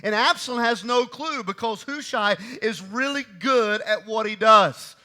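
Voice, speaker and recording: A male preacher delivering an emphatic sermon, repeating key phrases and swinging between loud and soft. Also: sits high, a little slow.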